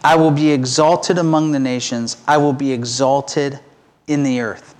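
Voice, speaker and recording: A man's voice: mid-range voice, steady tone, measured pace, darkish tone. A middle-aged man giving a conversational, self-deprecating sermon as pastor.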